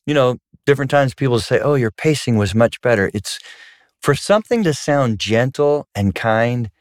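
A pastor and marriage counselor talks at normal speed in an animated way during a casual podcast chat with his wife, telling stories and occasionally voicing characters with sudden high pitch leaps. The sound is studio quality, without echo.

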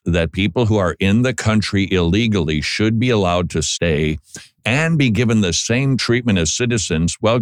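A man's voice: sits low, dry recording, studio quality. A male commentator reacting to played speech clips in a sardonic, conversational way, often restarting his sentences. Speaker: political commentator.

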